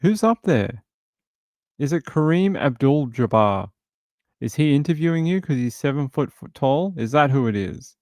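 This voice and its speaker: A man's voice: mid-range voice, lively intonation, darkish tone, no echo. Sarcastic man mocking a clip, dry mic. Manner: mocking, sarcastic, rapid rhetorical questions. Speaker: true crime streamer. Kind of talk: live commentary on a news clip.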